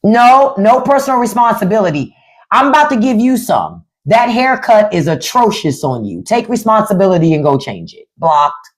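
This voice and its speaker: A woman's voice: mid-range voice, very animated, moderate pace. A woman hosting a livestream, ranting bluntly and mockingly with plenty of profanity. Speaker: livestream host. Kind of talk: casual livestream rant.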